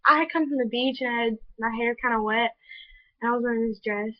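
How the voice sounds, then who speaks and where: A woman's voice: fairly high pitch, steady tone, brisk, no echo. Earnest teenage girl gushing in a dry, dull recording. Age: teens. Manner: earnest, gushing, many "like" fillers. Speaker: vlogger. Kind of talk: personal storytelling vlog. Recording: dull lo-fi home video audio.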